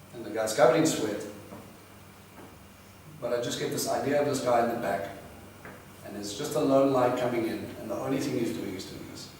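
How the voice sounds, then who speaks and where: A man preaching a sermon to a congregation, emphatic and repetitive, swinging between loud and hushed passages. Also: medium pitch. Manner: repetitive, rhythmic exhortation. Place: congregation hall. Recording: echoey hall from far off, faint background noise.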